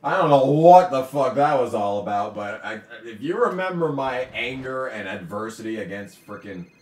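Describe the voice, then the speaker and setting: A man giving let's play commentary while racing, ranting and swearing, now and then bursting into shouts at the game. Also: medium pitch, animated, normal speed, echoey room, distant mic. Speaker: gamer commentating his own play.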